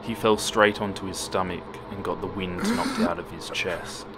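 A man reading a horror story aloud in a slow, hushed voice that sinks to near whispers. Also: low-pitched, fairly even intonation. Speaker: narrator. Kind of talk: scripted horror story narration. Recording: music bed under voice. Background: music.

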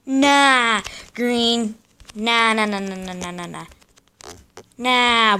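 A woman giving casual live commentary on her own gameplay, chatting in slang and breaking into excited yelps and repeated protests. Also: on the high side, slow, clean tone.

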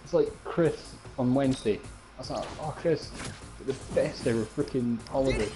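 A man with a Scottish accent, playing along on a stream, telling lively anecdotes and swearing freely. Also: mid-range voice, normal speed, low-quality recording. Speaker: co-player on a stream. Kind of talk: casual chat while streaming a game. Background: game music.

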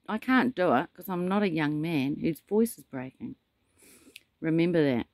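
A man's voice: a little high, lively intonation, normal speed, no echo, studio quality. Rambling New man preaching. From New Zealand. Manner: meandering storyteller, dramatic asides. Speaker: self-styled prophet. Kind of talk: rambling spiritual monologue.

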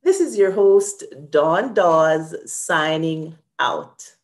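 A woman's voice: sits low, expressive, extremely slow, echoey room. A woman hosting an online grammar lesson, patiently explaining each example step by step. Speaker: host and teacher.

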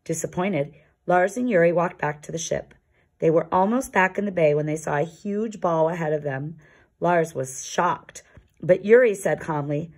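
A woman reading a children's picture book aloud in a calm, expressive storytelling manner. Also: lowish voice, moderate pace. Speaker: storybook reader.

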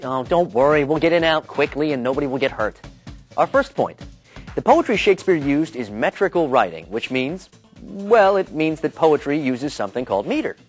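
A man's voice: fairly high pitch, sing-song, normal speed, husky, faint music behind. A man giving scripted educational narration in a jokey, conversational manner.

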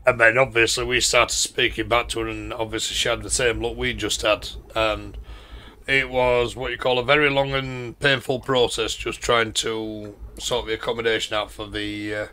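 A man's voice: mid-range voice, level tone, normal speed, sharp tone. A man with a Yorkshire accent giving casual, rambling commentary while playing a driving game. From Yorkshire, England. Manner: rambling, chatty storyteller. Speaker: gaming channel host.

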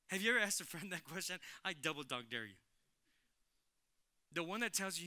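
Animated high-voiced male pastor preaching. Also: moderate pace, clear, resonant tone, no room sound, clean studio sound. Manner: animated, repeats phrases, talks to the congregation. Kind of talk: lively sermon. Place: church sanctuary.

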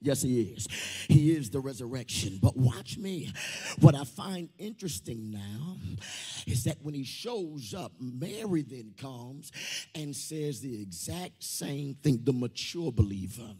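A male pastor preaching a sermon, his words half sung in a chanting cadence that swells into shouts. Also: mid-range voice, big pitch swings, slow, breathy edge. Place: church sanctuary.

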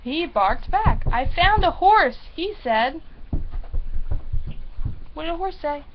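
Woman, high voice, slow sing-song picture-book reading, prompting a child, dull lo-fi home recording. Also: big pitch swings, a little hiss or hum. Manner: sing-song read-aloud, pausing for the child to supply the animal sounds. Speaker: parent reading to a small child.

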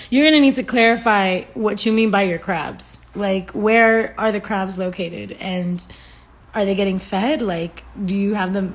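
A woman chatting casually on a phone livestream from home, rambling, swearing freely and laughing often. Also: mid-range voice.

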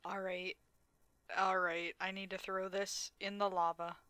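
A woman's voice: mid-range voice, level tone, a little slow, pushed and bright, dry recording. A young adult woman streaming a game, chatting casually, teasing and laughing often and swearing playfully. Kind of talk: casual gaming chat.

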